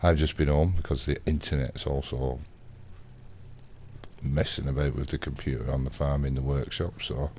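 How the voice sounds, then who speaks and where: A man's voice: rumbling low, steady tone, normal speed, darkish tone, a little hiss or hum. A man, rambling through an indignant in-character story as a gaming vlogger. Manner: rambling, indignant anecdote telling with acted quotes. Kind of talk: casual in-character gameplay storytelling.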